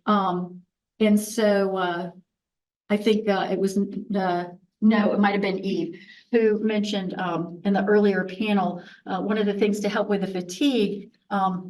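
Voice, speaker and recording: A roughly sixty-year-old female physician delivers a candid, chatty conference talk, restarting sentences and dropping self-deprecating asides. Her voice is medium in pitch and a little mellow, captured from a distance on a low-quality recording.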